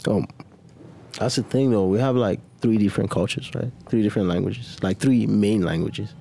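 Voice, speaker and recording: Low gravelly Nigerian man, laid-back. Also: normal speed, warm tone, a little hiss or hum. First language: Yoruba. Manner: laid-back, short answers, lots of "like" and "you know". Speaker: rapper guest. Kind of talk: casual interview chat.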